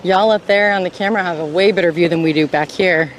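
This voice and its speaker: A woman's voice: fairly low pitch, fast, slight background noise. An American woman hosting an outdoor livestream, chatting with viewers and greeting them by name, often laughing. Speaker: livestream host. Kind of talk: live outdoor chat with viewers. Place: outdoors by a roadside.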